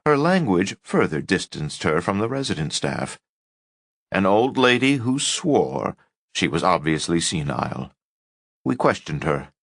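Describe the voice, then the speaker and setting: A man reading a memoir audiobook aloud, measured storytelling with lively inflection. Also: low-pitched, creaky, husky, no room sound, clean studio sound. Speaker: audiobook reader.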